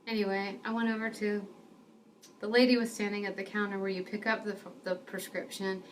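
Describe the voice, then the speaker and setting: A woman telling a personal faith testimony, in an earnest, animated storytelling manner. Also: medium pitch, a little fast, recorded from a distance, slight background noise. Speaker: ministry speaker.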